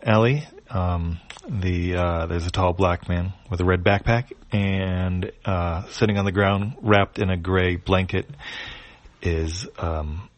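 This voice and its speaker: A man reading a comic aloud, describing each panel in an unhurried, plain way. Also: sits low, dry recording.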